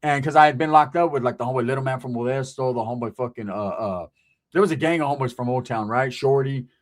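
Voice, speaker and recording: A man's voice: medium pitch, quick pace. Profane, slangy middle-aged storyteller man. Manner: profane, slangy, animated, keeps asking "right?". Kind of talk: casual street storytelling.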